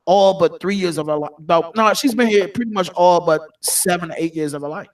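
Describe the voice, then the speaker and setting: A man co-hosting a podcast, defending himself in heated casual banter, animated and profane. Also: high voice, brisk, far from the mic. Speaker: podcast co-host.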